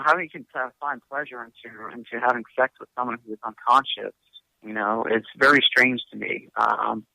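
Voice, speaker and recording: Gravelly, blunt man on the radio. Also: mid-range voice, bright, forceful tone, dry recording, poor audio. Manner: blunt, swears, repeats himself. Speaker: co-host. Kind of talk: casual radio talk.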